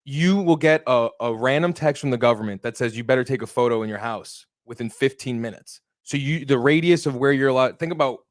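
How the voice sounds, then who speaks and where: A man co-hosting a casual sports podcast, talking in animated run-on stories full of slang and swearing. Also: mid-range voice, a little fast, hardly any pauses, dry recording, studio quality. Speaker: co-host.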